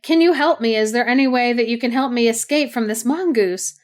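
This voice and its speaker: A woman's voice: on the high side, brisk, close to an everyday voice. A woman doing a pleading, frightened lady cobra. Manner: pleading, urgent.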